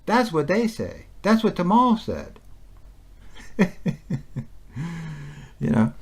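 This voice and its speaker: A man in a heated casual conversation, agitated and repetitive, firing rhetorical questions and laughing between points. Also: a little high. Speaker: conversation partner.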